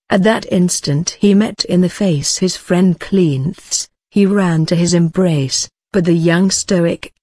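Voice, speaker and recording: A woman narrating a classic novel as an audiobook reader, in a measured, even reading. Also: on the low side, no echo.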